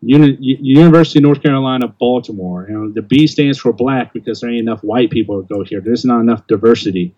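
A man's voice: mid-range voice, quick pace, few pauses, warm tone, dull audio, slight background noise. An older man hosting a casual podcast chat, blunt and rambling, often restarting his sentences. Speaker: podcast host.

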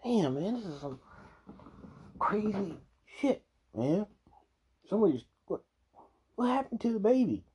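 A man's voice: high-pitched, sing-song, a little slow, pauses often, warm tone, slight background noise. A man reacting to a news clip with heated, profane ranting full of restarts. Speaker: video reactor. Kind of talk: casual reaction commentary.

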